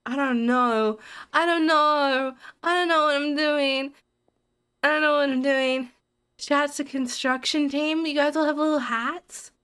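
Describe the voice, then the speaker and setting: A woman's voice: sits high, steady tone, a little slow, fairly bright tone. A woman streamer chatting casually to her audience while gaming, giggling and rambling. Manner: giggly, rambling, restarts sentences.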